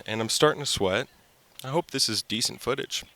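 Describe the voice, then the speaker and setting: A man's voice: mid-range voice, a little fast, sharp tone, no echo. A young man rambling in a goofy, upbeat way as he hosts his own vlog, recorded outdoors by the water. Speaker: channel host. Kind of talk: casual vlog chat.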